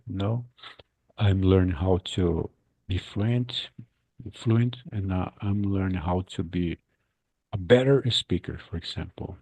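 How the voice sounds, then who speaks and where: A man with a low, gravelly voice hosts a casual chat over a video call. He talks in an animated way, repeats words and acts out little quotes. The sound is dry and close. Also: slow, dry recording. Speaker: host of an English practice chat.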